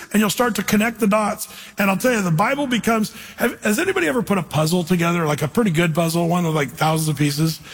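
A man's voice: high-pitched, quick pace, slightly rough, in a large hall, low-quality recording. A man preaching an expository sermon as a pastor, reading scripture aloud and urging his listeners with earnest emphasis.

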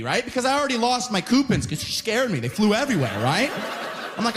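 A man from Canada doing a stand-up comedy set on a club stage, telling a story with tag questions and shouting high impressions of the people in it. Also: big pitch swings, fast talker.

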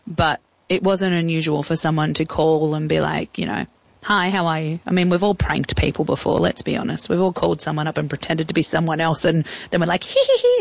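Her voice is low-pitched and gravelly, and the poor audio has no room sound. A woman in her thirties with an Australian accent, she's a chatty interview guest who tells casual stories and acts out past phone calls in quoted voices.

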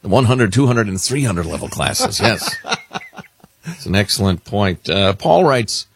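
A man co-hosts a talk radio show on a studio microphone, chatting casually and wryly reading listener emails aloud with emphasis. His fairly low voice is sing-song and a little slow. Background noise can be heard.

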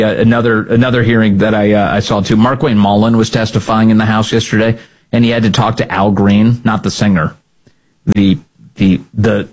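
A male host delivering opinionated commentary with a husky, slightly rough voice. He mocks and needles his targets, his delivery dripping with sarcasm. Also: fairly low pitch, poor audio. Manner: mocking, sarcastic.

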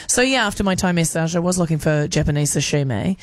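A woman hosting a breakfast radio show, telling a self-mocking story in a lively, animated way with acted-out voices. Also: sits low, fast, no echo.

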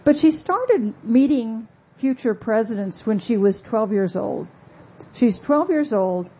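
A woman author giving a talk about her book, telling stories in a measured, wry way with asides. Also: medium pitch, gravelly, dark tone, slightly rough, dull audio. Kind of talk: lecture-style talk.

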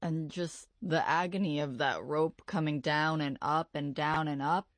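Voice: mid-range voice, steady tone, measured pace, a bit bright. An interviewer asking short questions and prompting a guest. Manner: brief prompts and backchannels.

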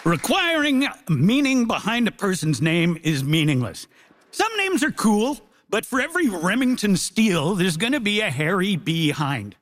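Brief: male stand-up debater, high lively voice, mock-grand punchline delivery. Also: normal speed, a crowd in the background, noisy background. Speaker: comedy debater. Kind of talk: stand-up style debate speech. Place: theatre stage before a live audience.

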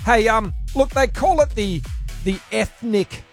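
A man's voice: sits high, unhurried, soft background music. A man with an Australian accent hosting breakfast radio, chatty and laughing as he eggs on the team. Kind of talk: casual studio banter.

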